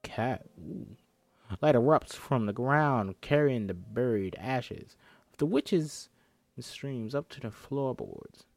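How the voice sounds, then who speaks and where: Man reading a script with animated asides. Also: medium pitch, takes it slowly, vocal fry, dry recording. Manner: jokey asides, swearing, acts out the lines. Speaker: film script reviewer. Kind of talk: reading a film script aloud with commentary.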